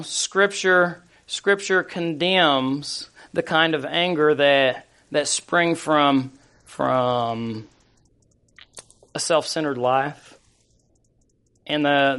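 A man's voice: a little high, a bit bright. A man preaching a sermon in a conversational way, with frequent fillers and restarts. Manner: conversational preaching with many fillers and restarts, scripture read aloud. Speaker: pastor.

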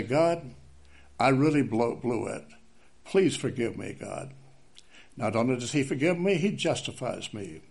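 An older man giving an informal sermon, telling folksy personal stories and repeating key phrases for emphasis. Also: a little high. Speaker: preacher.

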